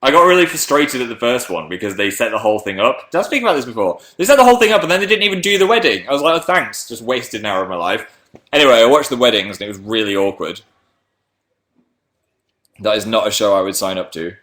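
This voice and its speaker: A man's voice: mid-range voice, expressive, quick pace, a bit bright. A man hosting a casual livestream, reading viewer messages aloud and rambling in a chatty, self-deprecating way. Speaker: livestream host.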